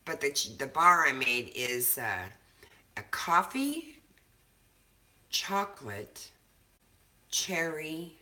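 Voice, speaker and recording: A woman's voice: deep voice, very animated, slow, long pauses, bright, forceful tone. A woman chatting casually from her home kitchen, talkative and laughing often, swearing now and then. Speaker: co-host of a cannabis show. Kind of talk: casual chat.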